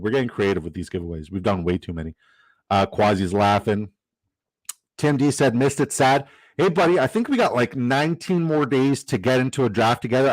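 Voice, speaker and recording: A man's voice: medium pitch, no echo, rough recording. A man hosting a fantasy football livestream, chatting casually, joking and reading out the chat. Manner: upbeat, jokey, reads chat aloud.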